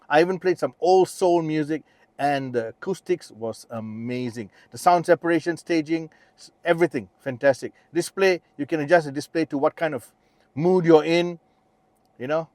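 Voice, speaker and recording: A man's voice: on the high side, darkish tone, no echo. A middle-aged man with a Malaysian English accent, giving a chatty, enthusiastic car review from inside the car, with plenty of fillers and restarts. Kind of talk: casual test-drive review.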